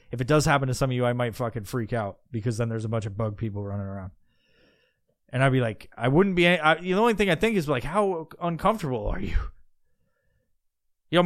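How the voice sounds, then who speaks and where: A man's voice: medium pitch, a bit bright, dry recording, studio quality. A man hosting a podcast, rambling in a casual monologue, swearing often and restarting his sentences. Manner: rambling, profane, musing aloud with many restarts. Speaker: podcast host.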